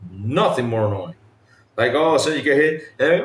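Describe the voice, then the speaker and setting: A man hosting a casual gaming podcast, animated, imitating game sounds and swearing casually. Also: high voice, fast, reverberant. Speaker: podcast host.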